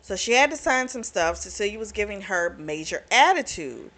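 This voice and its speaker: A woman's voice: medium pitch, big pitch swings, a bit bright. A woman book reviewer casually retelling a novel's plot, chatty and laughing often, with lots of "you know" and "like" fillers, briefly voicing the characters' lines. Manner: acts out characters' lines in quick asides.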